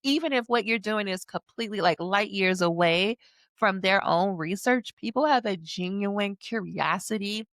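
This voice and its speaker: A woman dissertation coach makes her pitch in a casual, frank way, leaning hard on her points and speaking right to the listener. Her voice sits at a middle pitch and is recorded very dry and close, with no room sound. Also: normal speed, a bit bright, dry recording. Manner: emphatic, conversational, acts out quotes in other voices; casual, frank, uses slang. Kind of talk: motivational sales pitch to camera.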